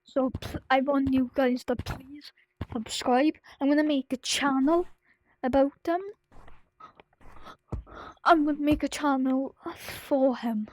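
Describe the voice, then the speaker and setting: Vlogger, woman, grieving and near tears; slow, faltering delivery with fillers and restarts. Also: high voice, steady tone, rough recording. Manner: halting, full of restarts and fillers, drifting into soft whispers. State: grieving, close to tears, sad voice. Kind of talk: personal confessional vlog.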